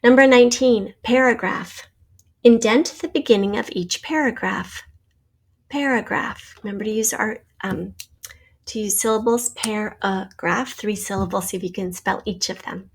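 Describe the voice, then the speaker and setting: Patient teacher woman with gravelly voice. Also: mid-range voice. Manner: clear, patient, sounds out letters slowly. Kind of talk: spelling lesson for young pupils.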